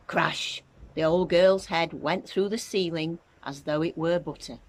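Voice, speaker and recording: A woman teacher reading a children's book aloud with clear, expressive storytelling. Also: on the low side, a little slow.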